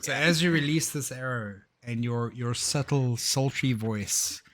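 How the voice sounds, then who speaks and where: A man's voice: mid-range voice, measured pace, a bit bright, a little hiss or hum. A young man as game master, narrating a tabletop game in a loose, upbeat way with plenty of fillers.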